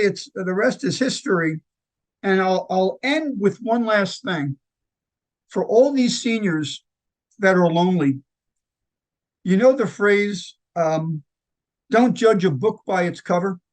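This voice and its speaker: A man who founded a nonprofit tells personal stories in an interview, halting with fillers and restarts and acting out the quoted lines. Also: high voice. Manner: lively anecdotal storyteller who acts out quoted lines. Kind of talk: conversational interview storytelling.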